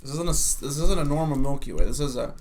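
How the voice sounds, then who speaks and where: A man's voice: medium pitch, expressive, fast talker, a little mellow, a little hiss or hum. A young man co-hosting a casual comedy chat in an upbeat way, leading into segments like an announcer. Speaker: co-host.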